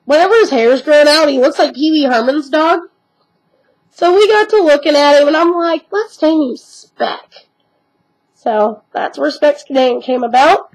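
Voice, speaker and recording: A young woman from the United States chatting casually to her webcam at home about her pet dogs, rambling and now and then slipping into squeaky baby talk. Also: expressive, moderate pace, poor audio. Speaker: pet owner vlogger. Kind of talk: casual chat to camera.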